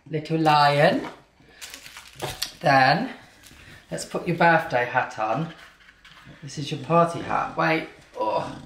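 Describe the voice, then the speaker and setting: A man's voice: on the high side, creaky, fairly bright tone. A British man filming a home vlog, chatting to his dog in a sing-song baby-talk way from a camera set on a chair in his living room. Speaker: vlogger and dog owner. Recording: echoey room with background noise.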